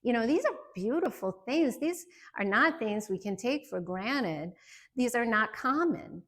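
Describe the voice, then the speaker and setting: Bright-voiced woman librarian giving a chatty talk. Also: mid-range voice, expressive, moderate pace. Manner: earnest, chatty, laughs often, many fillers and restarts. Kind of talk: library book talk to an audience.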